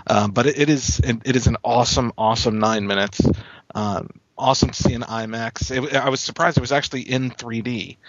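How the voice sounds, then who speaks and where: A man's voice: medium pitch, steady tone, brisk, a little hiss or hum. A man hosting a podcast, chatting casually with many fillers and repeated words. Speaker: podcast host. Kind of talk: casual chat. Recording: dull lo-fi dry sound.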